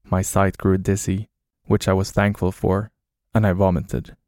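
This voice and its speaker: A man narrating a horror story in a flat, grim, low-key way. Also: a little slow, no room sound, clean studio sound.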